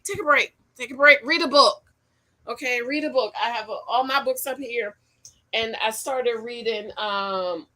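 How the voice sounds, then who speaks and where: Woman, middle-aged, livestream host, bright voice, slightly high, animated, repeats herself. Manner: animated, repeats phrases, uses slang. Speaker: livestream host and dating coach. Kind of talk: casual livestream chat reading comments.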